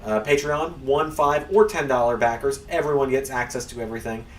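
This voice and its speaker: A man's voice: mid-range voice, steady tone, fairly quick, far from the mic. A man hosting a stream, chatting in a rambling, casual way while he plays. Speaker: streamer and channel host. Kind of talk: casual gameplay commentary. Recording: roomy, off-mic, faint background hum.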